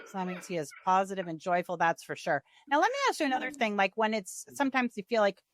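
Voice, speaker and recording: A woman hosting a podcast in casual, chatty conversation, animated and quick to act out quoted voices. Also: mid-range voice, slight background noise. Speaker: podcast host. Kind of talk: casual chat.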